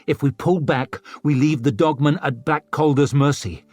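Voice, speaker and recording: Man doing an eager young lord, earnest, lively, raised pitch, dry sound. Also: moderate pace, dry recording, soft background music, natural voice. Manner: earnest, excited.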